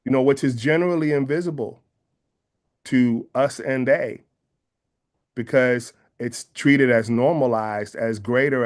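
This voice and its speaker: Earnest Bay Area man, thoughtful guest. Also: mid-range voice. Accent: San Francisco Bay Area. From San Francisco Bay Area. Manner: earnest, measured, circles back to rephrase ideas. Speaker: interview guest. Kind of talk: reflective interview conversation.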